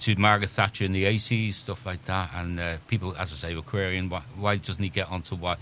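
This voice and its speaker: A man joining a radio chat from away from the microphone, speaking in a hesitant, halting way. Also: low-pitched, fairly even intonation, a bit bright, slight background noise. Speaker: radio contributor.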